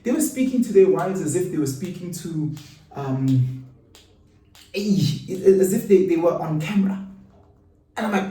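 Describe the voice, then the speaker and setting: South african guy ranting, fired up, asks questions and repeats himself, slightly high mellow voice, roomy sound from a distance. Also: a little slow, long pauses. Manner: animated, rhetorical, repeats himself. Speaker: host. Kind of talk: casual monologue. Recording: roomy room, mic at a distance.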